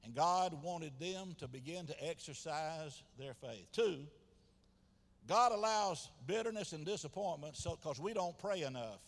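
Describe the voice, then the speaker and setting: A man, preaching a sermon as pastor, swinging from quiet asides to loud shouted passages. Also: fairly high pitch, animated, measured pace. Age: 70s. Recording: long hall reverb.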